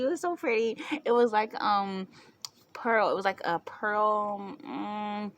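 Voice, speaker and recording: A woman's voice: mid-range voice, normal speed, a bit bright. Chatty young woman vlogging. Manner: chatty, laughing, acts out quotes with squeals. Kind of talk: casual storytelling to camera.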